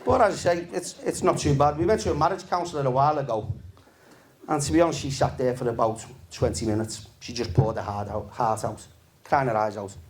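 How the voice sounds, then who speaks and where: A man, doing a stand-up comedy set in a relaxed, deadpan, sweary storytelling manner to a live audience. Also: fairly high pitch, quick pace, a little hiss or hum. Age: 50s.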